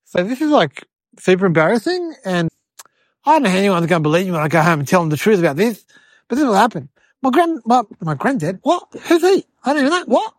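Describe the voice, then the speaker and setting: A woman voicing an eight-year-old city boy, telling a rambling comedic story in a whiny, excitable way. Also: medium pitch, fast talker, dry recording. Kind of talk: comedic character monologue.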